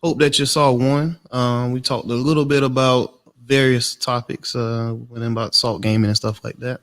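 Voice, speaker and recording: A man's voice: medium pitch, fairly even intonation, moderate pace. A man hosting a casual gaming podcast, joking around in loose slang. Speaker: podcast host.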